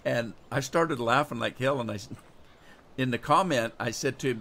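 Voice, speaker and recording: A man in the middle of a relaxed stream, chatting with his viewers and wandering off on side stories as he plays. His voice sits at an everyday middle pitch. Steady game noise hums underneath. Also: normal speed. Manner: chatty, rambling, reads and answers chat. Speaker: gaming streamer. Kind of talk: casual live-stream commentary. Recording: noisy game audio behind.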